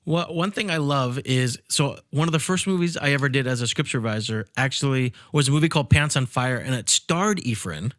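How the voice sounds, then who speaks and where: A man's voice: mid-range voice, brisk, few pauses, a bit bright, dry recording, studio quality. A man hosting a podcast, chatting casually and asking his guest friendly questions. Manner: friendly, asks questions, short affirmations. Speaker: podcast host. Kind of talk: casual chat.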